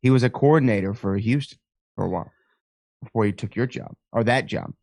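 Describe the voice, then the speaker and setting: A man's voice: lowish voice, fairly quick, vocal fry, a little mellow, dry recording. A man guesting on a live podcast by call, bantering playfully and teasing about sports rivalries. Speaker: podcast guest, author and wrestling announcer. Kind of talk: casual interview chat.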